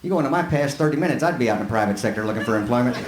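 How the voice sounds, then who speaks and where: A man with a West Texas accent doing a live stand-up set, plain-spoken and folksy with quick punchlines. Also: medium pitch, lively intonation, very noisy. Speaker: stand-up comic. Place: comedy club stage with audience. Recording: roomy live club recording with loud crowd laughter.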